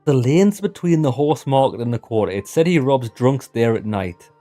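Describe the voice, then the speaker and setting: A man's voice: mid-range voice, animated, normal speed, dark tone, faint music behind. Chatty man with a Sunderland accent. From Northeast England. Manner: chatty, laughs a lot, mimics accents. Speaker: streamer. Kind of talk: casual live gameplay commentary.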